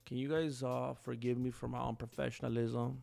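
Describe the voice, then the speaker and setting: A man's voice: medium pitch, level tone, brisk, gravelly, a little mellow, faint music behind. A man hosting a livestream in casual chat, rambling and self-deprecating with loose slang, feeling sluggish today. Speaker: livestream host. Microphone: wearing headphones, no monitor.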